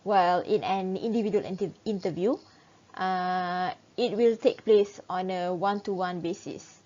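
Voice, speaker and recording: A young woman, a student reading a class presentation in a steady, read-aloud way with small restarts. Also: on the low side, measured pace. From Malaysia. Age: young adult. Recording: dull lo-fi recording.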